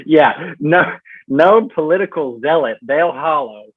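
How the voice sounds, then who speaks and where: A man's voice: a little high, animated, takes it slowly, husky, no room sound. A man with a Southern US accent, a podcast guest talking in a rambling, casual way full of fillers and restarts. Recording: tinny phone-like line, dry.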